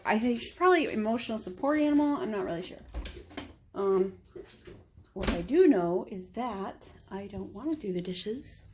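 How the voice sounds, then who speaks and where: A woman's voice: mid-range voice, background noise. A woman vlogging at home, chatting casually and rambling aloud to herself as she goes about her day. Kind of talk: casual chat. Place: at home indoors.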